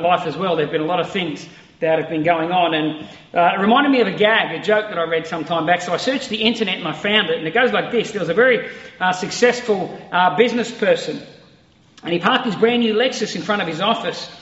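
A man's voice: sits high, a bit bright, roomy sound, big-room sound, lo-fi sound. A man preaching an online sermon to a camera in an empty church, talking in a conversational, reflective way. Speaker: pastor. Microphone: facing a camera.

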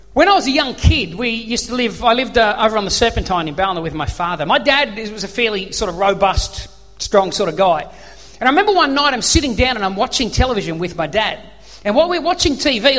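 A man's voice: very high-pitched, bright, forceful tone. A male pastor preaching a sermon, telling a story animatedly and acting out the voices in it. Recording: hall reverb.

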